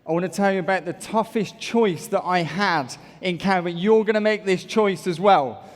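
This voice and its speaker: A man from the UK giving an energetic, jokey motivational talk on stage, bantering with a large audience. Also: high-pitched, normal speed. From United Kingdom. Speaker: motivational speaker. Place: large auditorium. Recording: echoey large hall.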